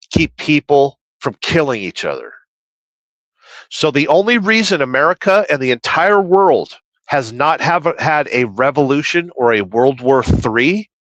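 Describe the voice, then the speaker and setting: A man's voice: mid-range voice, fairly bright tone, no room sound, low-quality recording. A man livestreaming while trucking, reading chat aloud and rambling through opinions in casual talk.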